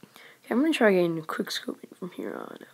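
Her voice sits on the low side, creaky with a breathy edge, and she talks quickly. As a channel host doing live gameplay commentary, she's excitable and rambling, often exclaiming and slipping in whispered asides.

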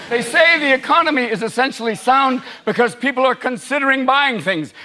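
A man in his fifties performing stand-up comedy in a manic, shouting style, jumping into quick impressions. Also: very high-pitched. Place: theater with live audience. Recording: live show with loud audience and noise.

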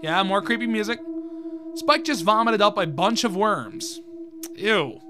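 A man with a high voice reads a horror comic aloud and drops casual reactions between the lines. Steady music plays under him throughout. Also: measured pace. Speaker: YouTuber.

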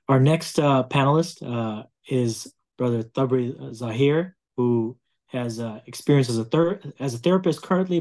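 A man on a video call who moderates a panel and introduces the next speaker in a plain way, with pauses and fillers. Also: mid-range voice, darkish tone.

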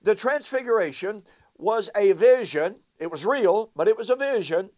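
A man's voice: sits high, expressive, moderate pace, a little mellow. A man giving a recorded Bible teaching, emphatic and fond of rhetorical questions aimed at his listeners.

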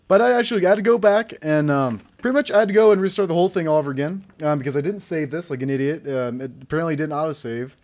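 A young man hosting a let's play, rambling and self-mocking as he talks over his game, jumpy and easily excited. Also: fairly high pitch, rapid-fire, hardly any pauses. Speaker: gaming channel host.

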